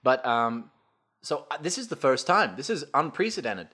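A man's voice: mid-range voice, big pitch swings, normal speed, pushed and bright. A man co-hosting a casual podcast from an apartment, joking around and swearing freely. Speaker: podcast co-host. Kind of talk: casual chat.

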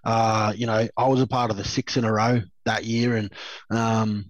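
A man's voice: on the low side, little pitch movement, moderate pace, no room sound. An Australian man in his thirties, a former rugby league player telling stories as a guest in a casual chat, rambling with lots of fillers and laughs. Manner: rambling, laughs a lot, many fillers and restarts. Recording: slightly dull dry recording.

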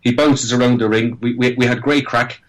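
A man's voice: mid-range voice, steady tone, moderate pace, low-quality recording. A middle-aged Irish man telling rambling anecdotes in casual chat, restarting lines often and swearing freely. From Ireland. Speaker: guest.

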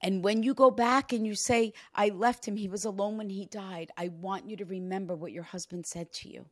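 A woman working as a psychic medium, earnestly relaying messages during a reading and often dropping into soft, hushed passages. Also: medium pitch, steady tone, a little fast, few pauses, dry recording. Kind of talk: spirit reading session.

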